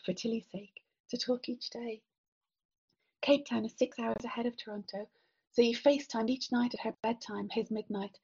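A woman narrating a literary story in the second person, soft and measured, at times dropping to a whisper. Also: mid-range voice, slightly rough, highs cut off. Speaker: audiobook narrator.

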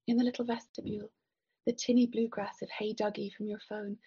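A woman narrating a literary story in the second person, soft and measured, at times dropping to a whisper. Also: mid-range voice, slightly rough, lo-fi sound. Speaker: audiobook narrator.

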